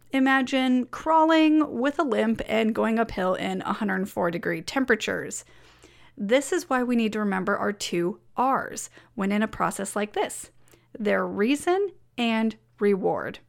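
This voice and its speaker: A woman's voice: mid-range voice, creaky. A woman reading her weekly blog memo aloud as a personal letter, upbeat and encouraging.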